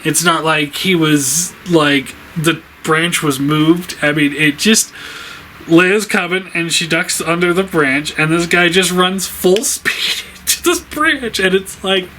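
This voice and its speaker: A man's voice: fairly high pitch, slow pace, bright, forceful tone, slight background noise, poor audio. A man giving a casual spoken review, rambling with many fillers, laughing often, sounding exasperated.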